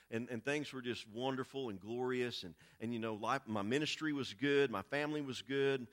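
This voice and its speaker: Middle-aged preacher, bright edgy voice, animated storytelling with lots of repeated words. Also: male voice, on the high side. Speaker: pastor. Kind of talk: storytelling sermon.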